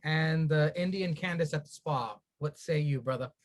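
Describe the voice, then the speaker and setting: A man hosting a loose wrestling podcast, teasing his friends and moving them from topic to topic. His voice sits a bit higher than most men's. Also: moderate pace. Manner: teasing, directs the talk. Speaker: podcast host. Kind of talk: casual wrestling chat.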